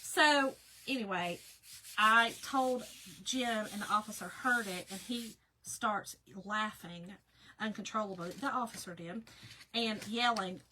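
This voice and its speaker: A woman's voice: medium pitch, unhurried, sharp tone, slight background noise, rough recording. A middle-aged woman, chatting casually with viewers while hosting a craft livestream. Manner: chatty, talks to viewers by name. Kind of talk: casual chat.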